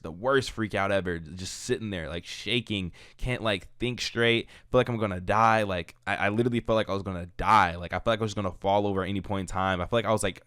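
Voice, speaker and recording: A young man with a deep, low voice tells a storytime in a loose, rambling way, packing his sentences with "like" and "bro". The sound is dry and close, with no room around it. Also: a bit bright, clean tone, no echo. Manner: rambling, filler-heavy, frequent "like" and "bro". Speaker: YouTuber. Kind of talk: storytime vlog.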